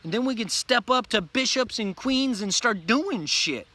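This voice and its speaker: A man rants to his viewers in an intense, profane vlog monologue, repeating himself and preaching hard. His voice sits high for a man. The tone is bright and forceful. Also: expressive, a little slow. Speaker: vlogger.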